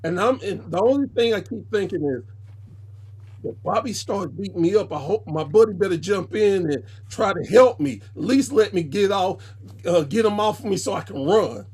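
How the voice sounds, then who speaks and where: A man with a slightly higher-pitched voice tells a story as a podcast guest. He talks casually and with animation, jumping into quoted voices as the anecdote unfolds. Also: moderate pace, husky. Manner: animated, jumps into voices when quoting people.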